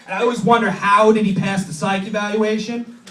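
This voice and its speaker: A young man from New York doing a crude stand-up set, rambling and acting out his friends in quick voices. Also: sits high, level tone, a bit bright, slight background noise. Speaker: stand-up comedian. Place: small comedy club stage. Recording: roomy club from far off, crowd.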